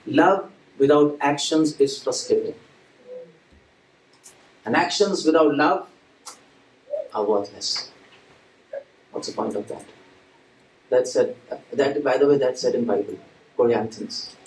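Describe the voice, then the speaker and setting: A man's voice: medium pitch, slow, pauses often, a little mellow. Man lecturing in an echoey temple hall. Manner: conversational, asks the audience questions and acts out little scenes. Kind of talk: devotional lecture to a live audience. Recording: echoey hall, mic at a distance, faint ambient noise.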